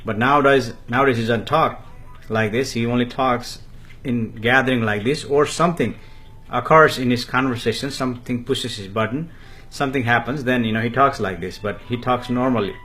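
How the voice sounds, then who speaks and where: A man, talking about himself in the third person while answering viewer comments in a live spiritual talk, slow and halting with many fillers. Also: mid-range voice, fairly bright tone.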